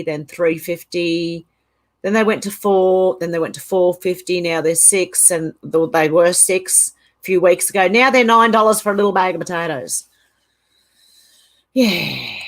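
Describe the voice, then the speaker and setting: An Australian woman hosting a casual livestream, reading viewer comments aloud and rambling through her reactions. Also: lowish voice. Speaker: channel host.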